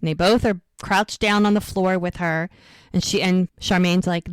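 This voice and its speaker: A woman's voice: lowish voice, normal speed, clean tone, dry recording. A woman co-hosting a podcast, casually recapping an episode and acting out the characters' lines as she goes. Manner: animated retelling, acts out quoted lines.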